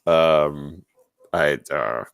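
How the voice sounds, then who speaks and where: Man, player, low gravelly voice, lively pitch, hesitant, joking. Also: very slow, no echo. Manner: joking, hesitant, restarts often. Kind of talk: casual tabletop play.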